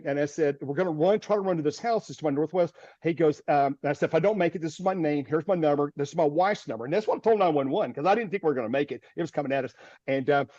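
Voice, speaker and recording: A man's voice: fairly high pitch, darkish tone, no echo. A man, a storm chaser guest, telling a story vividly, with restarts and short nervous laughs, over a video call. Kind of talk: animated storytelling. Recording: dull, dry, lo-fi audio.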